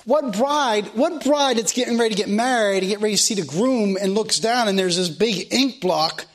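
A male preacher with a notably high voice delivers a sermon. He talks emphatically and repeats himself, piling up rhetorical questions for the congregation. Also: normal speed.

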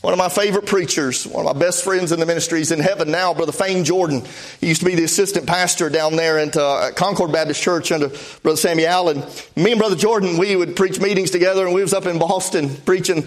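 A man with a notably high voice preaches from the pulpit. He tells a testimony story in a folksy, plainspoken way, stacking up "I said" asides. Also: fast. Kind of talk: storytelling sermon.

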